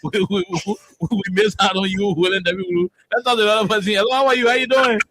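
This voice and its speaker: A man hosting a live call-in radio show in a studio, talking briskly, laughing often and moving quickly from one caller to the next. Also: high-pitched, little pitch movement, a bit bright.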